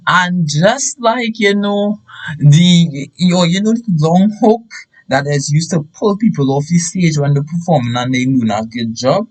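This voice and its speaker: A young man telling a story in a casual, animated way with bursts of shouting. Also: fairly high pitch, takes it slowly, poor audio.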